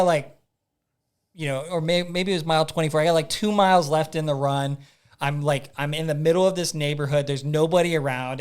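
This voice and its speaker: A man telling a story as a podcast guest in a casual, animated way, acting out his own thoughts and using lots of fillers. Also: a little high, clean tone. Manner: frequent "like" fillers and repeats.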